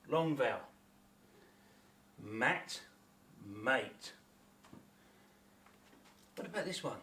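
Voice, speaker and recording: Slow, patient Australian male teacher. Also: mid-range voice, fairly bright tone. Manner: slow, patient, sounding out letters. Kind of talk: phonics lesson to camera.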